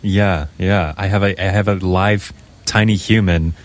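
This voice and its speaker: A man's voice: sits low, steady tone, measured pace. A man co-hosting a casual podcast. He mostly chimes in with short, agreeable replies and brief remarks. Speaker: podcast co-host.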